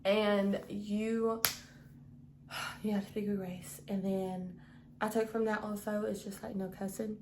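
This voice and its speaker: Young woman leading a casual Bible study, earnest and conversational, medium pitch, light background hiss. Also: little pitch movement, unhurried, a little mellow, poor audio. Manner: earnest, repeats "okay?" to the listener. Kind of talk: casual devotional teaching.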